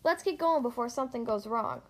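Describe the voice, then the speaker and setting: An earnest, cautious young race car from a storybook, as a woman puts him on. His voice rides high and turns urgent as he calls out to his friend. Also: brisk, lightly acted.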